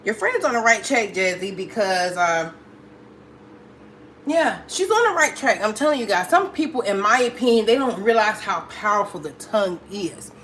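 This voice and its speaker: A woman's voice: medium pitch, animated, moderate pace, fairly bright tone, a little hiss or hum. A middle-aged woman hosting a casual live stream, chatty and affectionate, greeting viewers and talking through her opinions with many fillers. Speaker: livestream host.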